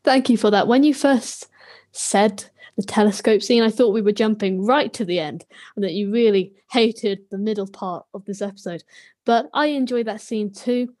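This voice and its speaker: A woman's voice: mid-range voice, normal speed, darkish tone. A woman co-hosting a podcast, reviewing a TV episode in casual chat with a wry, lightly sarcastic manner. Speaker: podcast co-host.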